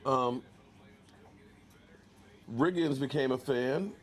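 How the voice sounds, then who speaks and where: A man's voice: mid-range voice, very slow. A man hosting a casual sports talk livestream, chatty and reading viewer comments aloud. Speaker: podcast host.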